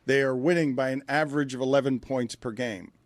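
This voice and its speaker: A man's voice: mid-range voice, fairly even intonation, a little fast, no room sound. A man hosting a sports talk show, asking his guest long rhetorical questions in a wordy way.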